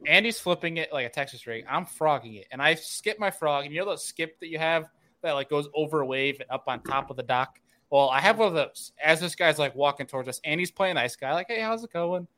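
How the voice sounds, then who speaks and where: A man in casual chat, telling a fishing story in an animated way and laughing often. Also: on the high side, brisk.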